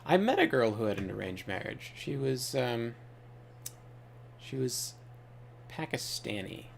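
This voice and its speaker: A man's voice: mid-range voice, big pitch swings, a little slow, vocal fry, a little hiss or hum. A man hosting a gaming channel, telling rambling, offhand stories while he plays. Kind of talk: casual gaming commentary.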